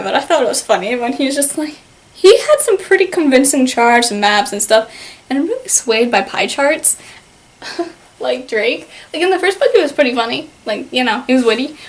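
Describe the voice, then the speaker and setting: A woman giving a casual video book review in a chatty way, with lots of "like" and quick laughs. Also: a little high, expressive, rough recording.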